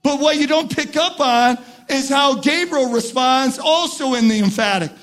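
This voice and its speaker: High-voiced male preacher giving a sermon. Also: a little slow. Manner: builds from quiet, reflective talk to repeated shouted emphasis. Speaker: pastor.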